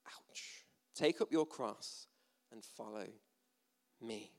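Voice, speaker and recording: A man's voice: a little high, expressive, normal speed. A British man giving a sermon in a church hall, chatty and self-deprecating, with jokey asides. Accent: British English. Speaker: preacher. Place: church hall with a gathered audience.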